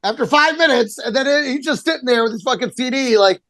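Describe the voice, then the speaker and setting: A man's voice: very high-pitched, fast, fairly bright tone. A man who is a stand-up comedian, telling heated, profane stories in casual podcast chat and acting out the people he quotes.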